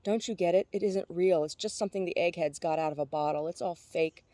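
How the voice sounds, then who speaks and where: A woman's voice: fairly low pitch, a little fast, dark tone, no echo, natural voice. A woman voicing a serious, glum boy who speaks earnestly.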